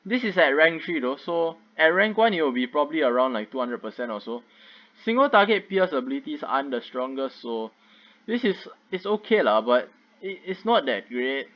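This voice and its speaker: A man's voice: fairly high pitch, sing-song, normal speed. Rambling young man, dull lo-fi sound. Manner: rambling, filler-heavy, frequent restarts. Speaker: gaming video creator. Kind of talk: casual game commentary.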